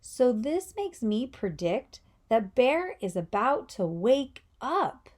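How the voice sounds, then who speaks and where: Encouraging teacher guiding young readers, slow and lively, fairly high voice. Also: female voice. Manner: encouraging, asks children questions. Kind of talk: read-aloud reading lesson.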